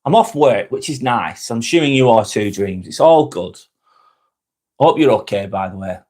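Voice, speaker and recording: Speaking at a moderate pace in an animated, mid-range voice with a somewhat dark tone, this Lancashire man from Northwest England chats casually on a live stream. He reads viewers' comments, thanks them by name and calls them "mate".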